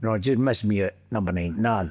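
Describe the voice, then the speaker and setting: Speaking a little fast in a fairly low voice, a middle-aged former footballer with a Scottish accent swaps casual stories as a podcast guest. His anecdotes are animated and loose, with frequent jumps into other people's voices and bursts of laughter.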